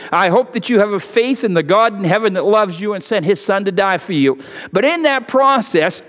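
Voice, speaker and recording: A man preaching a sermon to a congregation in a conversational style, his voice rising and dropping for emphasis. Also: sits high. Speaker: pastor. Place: church sanctuary. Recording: long hall reverb of a church.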